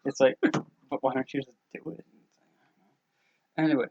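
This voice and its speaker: A young man co-hosting a podcast, chatting casually with short, dry, low-key replies. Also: fairly even intonation, a little fast, gravelly, a little mellow, husky. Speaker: podcast co-host. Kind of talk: casual chat. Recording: dull lo-fi podcast audio.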